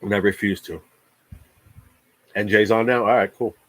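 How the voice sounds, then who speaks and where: A man's voice: lowish voice, steady tone, moderate pace, fairly bright tone, dry recording, low-quality recording. A man in his forties hosting a casual livestream chat, talking in an emphatic, profane rant and often repeating himself. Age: 40s. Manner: repeats words. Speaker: livestream host.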